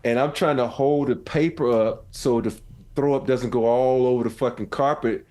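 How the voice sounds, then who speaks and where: A man in his fifties co-hosting a podcast, chatting casually and telling animated stories that act out both sides of an argument. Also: normal speed. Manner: animated storyteller, acts out his own and his wife's yelling in a high voice. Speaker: podcast co-host. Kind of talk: casual chat.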